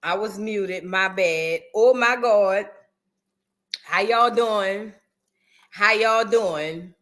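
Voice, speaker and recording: A woman's voice: mid-range voice, extremely slow, fairly bright tone. A young woman hosting a casual livestream, greeting viewers by name in a chatty, drawling way. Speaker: livestream host. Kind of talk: casual live-stream chat greeting viewers.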